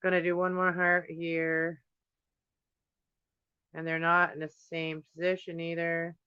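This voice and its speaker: A man with a fairly high, bright and smooth voice talks loosely while painting, wandering from one thought to the next. The sound is dry and close. It has a dull, lo-fi stream quality. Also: monotone, a little slow, no echo. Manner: thinks aloud, drifting from topic to topic with fillers. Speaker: livestream host painting on camera. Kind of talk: casual rambling chat while painting. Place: indoors at home.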